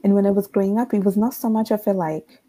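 A woman's voice: mid-range voice, fairly even intonation, fast talker, dark tone. A woman with an Italian accent, a podcast guest telling her own story thoughtfully, in long searching runs full of fillers. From Italy. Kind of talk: reflective personal storytelling.

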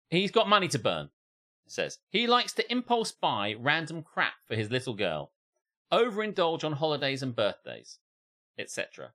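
A man co-hosting a comedy podcast, reading out a post and riffing on it with laughter and swearing. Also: mid-range voice. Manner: animated, laughing, swearing, mock voices. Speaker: podcast co-host. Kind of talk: comedic reading of online posts.

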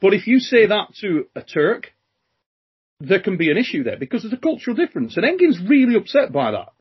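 A British podcast host with a high, bouncy voice and a husky edge jokes and banters in rapid slang. He's lively throughout, heard over a slightly muffled remote call.

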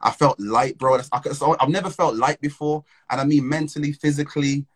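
A man's voice: a little high, steady tone, fairly quick, husky, poor audio. A young man, telling a story in casual, slang-filled chat and laughing between phrases. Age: young adult.

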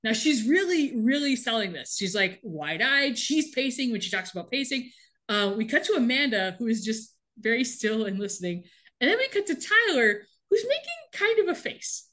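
A woman's voice: fairly high pitch, lively intonation, moderate pace, fairly bright tone. A woman co-hosting a casual podcast, animatedly retelling a TV episode and laughing often. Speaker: podcast co-host recapping a TV episode. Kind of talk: casual chat.

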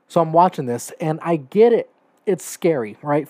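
A man with a slightly raised pitch delivers opinionated podcast commentary in a dead-dry recording. He speaks emphatically, leaning on "right?" and "okay?", and builds to heated moments. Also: lively intonation, normal speed, dark tone, no echo. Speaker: podcast host.

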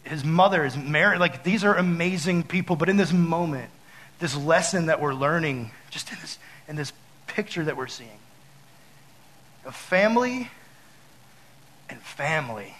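A man with a fairly high voice gives a relaxed, chatty sermon full of fillers and asides. He acts out his own stories with loud, high bursts of mock panic. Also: normal speed, low-quality recording. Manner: talks straight to the audience with many fillers. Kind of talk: casual sermon with storytelling.

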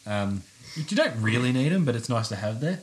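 A man's voice: medium pitch, big pitch swings, fairly quick. Laid-back guy chatting. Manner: laid-back, swears freely, repeats himself. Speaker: podcast co-host. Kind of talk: casual chat.

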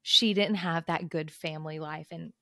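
A woman's voice: deep voice, fairly even intonation, moderate pace, gravelly, a bit bright, no room sound, studio quality. A woman co-hosting a podcast, chatting casually and gushing as she lists her favorite scenes. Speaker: podcast co-host. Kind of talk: casual book-club chat.

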